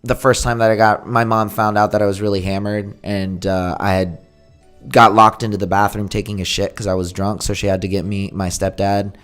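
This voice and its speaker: A man's voice: fairly low pitch, flat delivery, a little fast, a bit bright, clear, resonant tone, soft background music. A young man co-hosting a casual podcast, telling rambling stories, swearing freely and acting out what people said. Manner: rambling storyteller, swears freely, acts out quotes. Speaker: podcast co-host, comedian.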